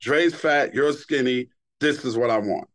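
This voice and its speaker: A man's voice: mid-range voice, a little slow. A middle-aged man from Queens, a radio DJ guest on a podcast, telling a story with lots of swearing. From Queens, New York. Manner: profane, animated storyteller.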